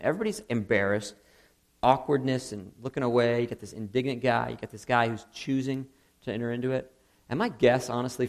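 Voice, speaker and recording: A man delivers a sermon in a relaxed, chatty way, as if talking straight to the people in front of him. His mid-pitched voice has a gravelly, creaky texture. He keeps asking the listeners questions and now and then leaps up in pitch for emphasis. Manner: conversational, asks the audience questions, frequent "okay?" and "right?"; animated, rising to high emphatic bursts. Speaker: pastor.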